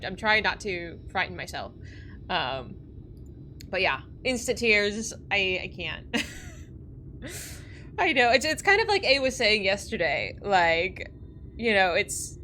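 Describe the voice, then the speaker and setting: A woman's voice: mid-range voice, bright, forceful tone, a little hiss or hum. A woman streaming a video game, chatting casually with viewers, giggly and emotional, often laughing through tears, with many restarts. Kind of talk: casual livestream chat while gaming.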